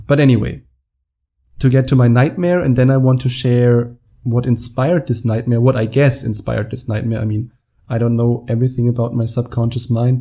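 A young man with a German accent talks straight into the mic, laughing now and then as he acts out what people said. His voice is very dark and mellow, with a relaxed tone. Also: mid-range voice. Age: 20s. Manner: animated storyteller, laughs often, acts out quotes. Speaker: podcast host. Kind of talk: casual monologue.

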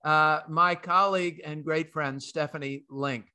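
A man's voice: on the high side, steady tone, measured pace, bright, forceful tone, clear, resonant tone. A man hosting a financial talk show, chatty and jovial, with frequent fillers and restarts. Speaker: host and chief market strategist.

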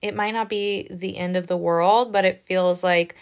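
A woman giving a casual spoken tarot reading in a gentle, reassuring, chatty way, often tagging her lines with "right?". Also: fairly low pitch, fairly even intonation, normal speed. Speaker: tarot reader.

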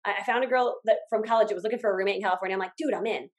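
A woman being interviewed as a guest, telling stories in a casual, animated way. She acts out her own past dialogue, laughs often and talks in quick run-on stretches with many fillers. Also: medium pitch. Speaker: guest, business owner.

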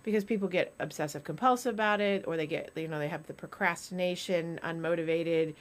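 Animated woman hosting a chat show. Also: on the low side. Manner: animated, quick to explain and tease. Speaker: podcast host. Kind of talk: casual chat.

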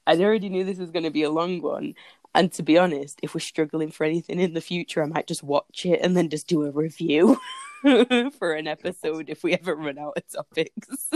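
A woman's voice: low-pitched, fairly quick, a little mellow, no room sound. A woman co-hosting a podcast in casual chat, laughing often as she tells the story. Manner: giggly, laughs often between lines. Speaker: podcast co-host.

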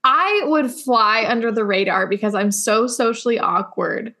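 A woman's voice: on the high side, lively intonation, normal speed, pushed and bright. A young woman co-hosting a podcast, chatting casually with a sarcastic, teasing manner. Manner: chatty, sarcastic, mocks family in quoted voices. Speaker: podcast co-host. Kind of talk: casual chat.

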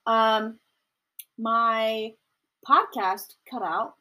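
A young adult woman talks at normal speed with a fairly bright tone while hosting a laid-back commentary podcast from her home. She rambles chattily and slips into mocking high-pitched impressions.

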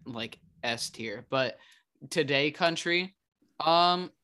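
A man's voice: fairly high pitch, takes it slowly, pushed and bright, dry recording, clean studio sound. A young man co-hosting a casual podcast, goofy and laughing through his lines. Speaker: podcast co-host. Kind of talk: casual chat with a joking sung freestyle.

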